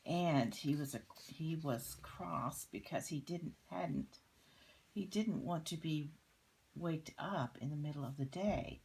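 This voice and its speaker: An older woman reading a picture book aloud, gently pointing out details in the pictures. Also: deep voice, slow, gravelly, husky, poor audio. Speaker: grandmother reading to children.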